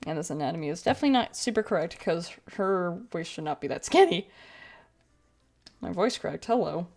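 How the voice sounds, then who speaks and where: Chatty young woman with a low voice. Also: expressive, quick pace, a little mellow, soft background music. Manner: rambling and chatty, with many fillers and self-corrections. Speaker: streamer. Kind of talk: casual chat while drawing on a livestream.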